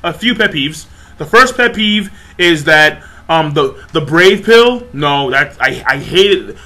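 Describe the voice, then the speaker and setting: A man ranting casually to camera in an animated, profane way, often repeating himself. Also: a little high, measured pace. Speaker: vlogger.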